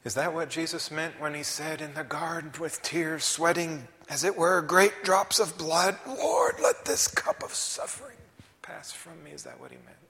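A man preaching a sermon in a church, dramatic, dropping to whispers and rising to loud emphasis. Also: fairly high pitch, moderate pace, vocal fry, hardly any pauses, slight background noise. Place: church sanctuary. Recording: long reverb of a large hall.

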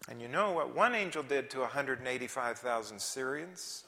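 A man's voice: medium pitch, expressive, normal speed, few pauses. Dramatic preacher man in a reverberant hall. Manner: dramatic, swings from shouting to whispers. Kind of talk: sermon.

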